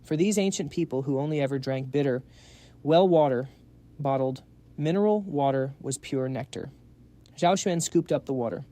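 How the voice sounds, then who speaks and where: A man's voice: medium pitch, moderate pace, warm tone. A man narrating a story recap in a dramatic, breathless storytelling manner.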